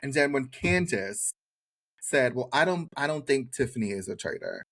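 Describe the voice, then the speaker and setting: Animated American man recapping a show. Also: medium pitch, moderate pace. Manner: animated storyteller acting out quotes. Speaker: podcast co-host. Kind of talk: casual recap chat.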